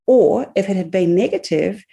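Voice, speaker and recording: A woman, a psychologist and podcast guest, explaining ideas in a measured way. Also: mid-range voice, animated, vocal fry, warm tone. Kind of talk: podcast conversation.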